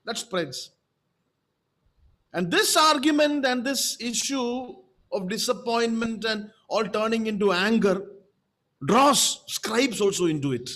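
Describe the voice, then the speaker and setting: A man with a high voice preaches a sermon as pastor. He talks emphatically and repeats his points, often stopping to check in with the congregation through rhetorical questions. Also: lively intonation, takes it slowly, pushed and bright.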